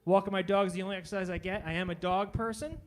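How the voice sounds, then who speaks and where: Self-mocking stand-up comic man, high voice. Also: steady tone, very fast, a little hiss or hum. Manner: self-deprecating, punchy, tags jokes with "all right?". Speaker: stand-up comedian. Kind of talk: stand-up comedy set.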